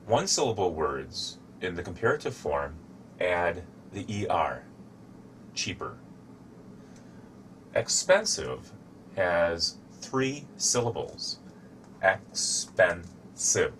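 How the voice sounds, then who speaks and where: Deep-voiced guy teaching grammar real slow, faint hiss in the background. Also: very animated, a bit bright. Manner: shows objects to camera while explaining. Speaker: English teacher. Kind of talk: slow, deliberate teaching explanation.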